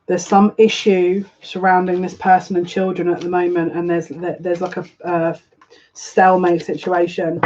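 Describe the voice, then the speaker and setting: A darkish, medium-pitched voice speaks flatly at a moderate pace during a casual live tarot reading. Incense is lit in the home room, "yeah, look." recurs alongside other repeated phrases, and the recording is dull lo-fi with faint noise.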